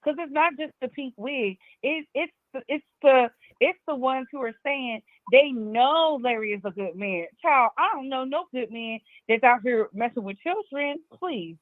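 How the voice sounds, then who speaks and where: A woman with a high voice joins a casual gossip chat by phone. Her voice comes through a tinny, dry phone line. She talks emphatically and exclaims in reaction. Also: expressive, a little slow, few pauses, dry recording.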